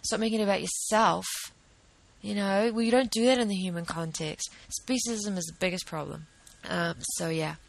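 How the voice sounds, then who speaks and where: A woman's voice: medium pitch, normal speed, vocal fry, no echo, rough recording. A woman advocate speaking earnestly and urgently about justice, often restarting her sentences. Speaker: vegan advocate. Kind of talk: impassioned talk to camera.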